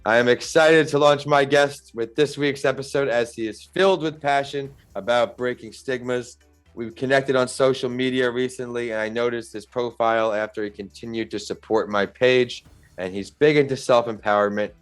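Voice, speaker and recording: A young man hosting a podcast, reading an earnest, upbeat intro and questioning his guest. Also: medium pitch. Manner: earnest, upbeat, reads from a script. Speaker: podcast host. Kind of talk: scripted podcast intro and interview.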